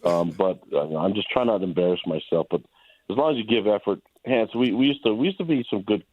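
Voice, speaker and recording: Deep-voiced coach on a dull line. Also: male voice, a little hiss or hum. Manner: relaxed, humble, a little halting. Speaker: head football coach. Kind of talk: radio interview.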